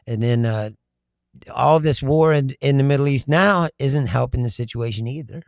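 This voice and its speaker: A man's voice: medium pitch, moderate pace, dry recording, studio quality. A man hosting a casual comedic political talk, rambling and profane, breaking into laughter often. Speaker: political commentary host.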